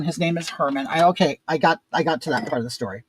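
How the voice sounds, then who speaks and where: A man's voice: on the high side, fast talker, hardly any pauses, a bit bright, slight background noise, poor audio. A man hosting a casual chat, telling a frustrating story in an exasperated, rambling way with many fillers. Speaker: vlog host.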